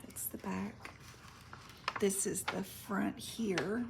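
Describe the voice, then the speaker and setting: The recording is very noisy, and her medium-pitched voice is steady, with vocal fry. An online craft seller, she chats unhurriedly in a casual presale video, describing vintage paper and crafts up close and stumbling over foreign words.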